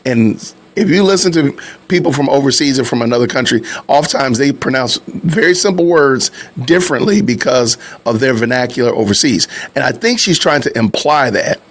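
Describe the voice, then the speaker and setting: A man's voice: mid-range voice, expressive, moderate pace. A man hosting a podcast, reacting to clips in casual, conversational commentary that often turns to his viewers. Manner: conversational, repeats himself, addresses viewers.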